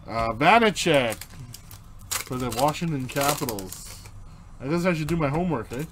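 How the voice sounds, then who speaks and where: A man's voice: on the high side, animated, moderate pace, noisy background. A man hosting a live card break. He reads out player names as he opens the packs and chats casually with viewers. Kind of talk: live card-opening commentary.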